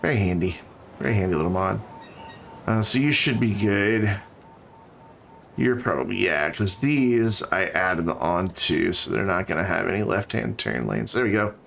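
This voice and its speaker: A man's voice: lowish voice, moderate pace, vocal fry, a bit bright, soft background music. A man streaming a city-building game, chatting casually and thinking aloud as he builds. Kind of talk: casual let's-play commentary.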